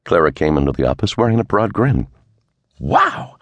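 Deep gravelly male audiobook narrator. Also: expressive, quick pace, dry recording. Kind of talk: scripted noir novel narration.

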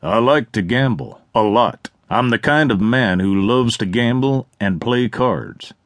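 A man voicing a cocky, smirking male outlaw gambler in a western audiobook, speaking in a low drawl. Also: measured pace, dry recording, lightly acted. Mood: smug taunting.

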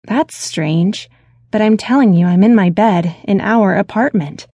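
A snappy, exasperated young woman , as a woman narrator puts her on, sounds raised and louder than the narration. The voice is husky and warm. It is an audiobook character read in a dry studio. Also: mid-range voice, unhurried, dry recording. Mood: insistent. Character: irritable young woman woken at night.

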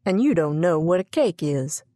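A woman voicing a feisty, proud old cook who scolds and hushes children in a folksy way, in a storybook reading. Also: fairly low pitch, expressive, moderate pace, dry recording, studio quality, close to an everyday voice. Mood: bossy.

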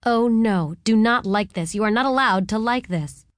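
A woman's voice: a little high, normal speed, dry recording, lightly acted. A woman voicing a prim, stubborn young heroine who answers with curt, indignant retorts. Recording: dry close audiobook studio.

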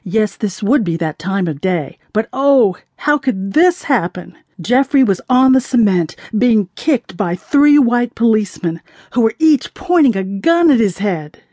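A woman narrating an audiobook in a measured, dramatic storytelling manner. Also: medium pitch, lively intonation, warm tone, no echo, studio quality.

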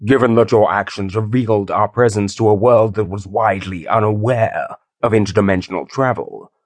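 A man's voice: fairly low pitch, normal speed, dry recording, close to an everyday voice. Audiobook judge, stern and imperious, barks his lines, read by a man; dry studio. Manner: barking, growling. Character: stern imperious male judge, easily enraged. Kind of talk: audiobook character voice.

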